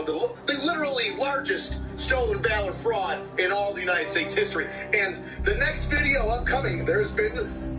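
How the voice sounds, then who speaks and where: A man's voice: extremely high pitch, distant mic, low-quality recording. Fired-up guy roasting memes, cussing a lot, voice jumps all over, music blasting behind. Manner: animated, profane, gets loud and excited. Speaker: military meme commentator. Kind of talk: casual meme commentary with sponsor read.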